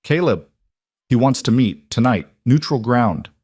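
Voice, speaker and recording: A man's voice: mid-range voice, animated, a little slow, a little mellow, husky, no echo, voice pushed up. A man voicing a protective crime boss who speaks firmly to his lover, in a dry close recording. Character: protective male crime boss, tense and tender.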